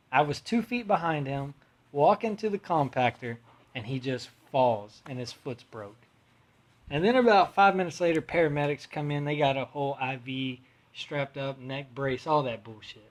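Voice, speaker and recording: A man's voice: a little high, normal speed. A man hosting a podcast from home, telling a long story in a rambling, profane, casual way. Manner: rambling, profane, restarts often. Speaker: podcast host.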